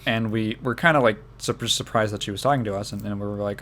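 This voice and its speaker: A man's voice: on the low side, fairly even intonation, fast, few pauses, fairly bright tone. A young man hosting a podcast, telling a story casually with restarts and fillers. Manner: rambling with many restarts and laughs. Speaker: podcast host.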